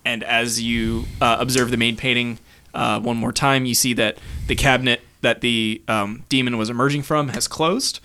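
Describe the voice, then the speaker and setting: A man's voice: mid-range voice, fairly even intonation, normal speed, bright, forceful tone, clean tone. A man narrating a tabletop game as game master, rambling, with many fillers.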